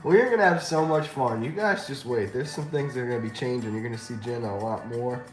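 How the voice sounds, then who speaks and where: A man hosting a casual livestream, talking to his viewers and laughing often as he tells a story. His voice sits at a middle pitch in a roomy, echoey space, with faint music playing behind him. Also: fast. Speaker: livestream host.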